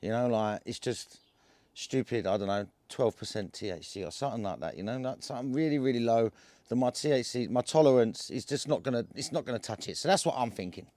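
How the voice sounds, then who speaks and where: A man's voice: mid-range voice, animated, fairly quick, dark tone, dry recording. A man with an Essex accent, telling a story to camera in a casual, rambling way, full of slang and restarts. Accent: Essex English. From England. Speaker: cannabis vlogger.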